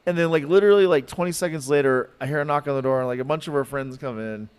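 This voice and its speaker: A man spins a long story for a podcast, his voice sitting a little high for a man. He rambles and fills gaps with likes and ums, acting out the other people in the story as he goes. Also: very fast, clean tone. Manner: animated, rambling, lots of likes and fillers. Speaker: podcast guest telling a story. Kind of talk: casual storytelling.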